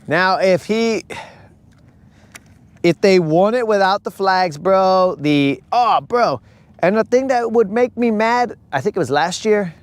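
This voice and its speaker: A young male livestream host rants about football in a joking, casual tone and keeps saying bro. His voice sits a bit high, and he talks at an unhurried, drawn-out pace. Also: animated, no echo. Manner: ranting, joking, says bro a lot. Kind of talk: casual live-stream rant.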